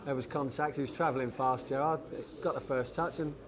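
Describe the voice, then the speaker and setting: A man's voice: mid-range voice, steady tone, fairly quick, a crowd in the background. A man talking as a football pundit on a TV panel, firm and opinionated. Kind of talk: TV panel chat.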